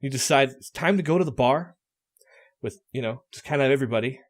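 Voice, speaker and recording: A man's voice: mid-range voice, a little fast. A man hosting a podcast party game, telling stories with lots of energy and laughing often. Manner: animated storytelling, laughs often. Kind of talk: casual chat.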